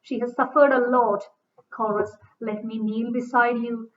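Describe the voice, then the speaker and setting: A woman's voice: a little high, little pitch movement, moderate pace, slight background noise. Woman lecturing, heard from a distance. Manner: reads lines aloud then paraphrases, with fillers and restarts. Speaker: literature lecturer. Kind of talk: lecture reading and explaining a play. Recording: dull distant recording.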